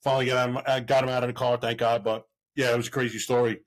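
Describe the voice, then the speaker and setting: A man's voice: mid-range voice, fast. A middle-aged man, a veteran police officer, telling stories in casual conversation and acting out the voices of the people in them. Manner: animated storyteller who acts out quoted voices. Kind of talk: casual storytelling.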